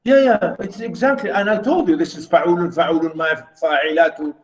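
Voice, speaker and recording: A man's voice: fairly high pitch, fast, poor audio. A man lecturing students over a video call, explaining poetic meter in a rambling way with many fillers and repeats. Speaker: university literature lecturer.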